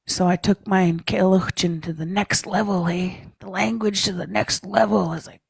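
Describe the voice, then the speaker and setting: Woman, gravelly voice, relaxed storyteller at a leaders' meeting, tags lines with "eh?", clears throat often. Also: medium pitch, normal speed, few pauses, dry recording. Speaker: speaker at a First Nations leaders' caucus. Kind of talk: personal talk to a meeting. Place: meeting room.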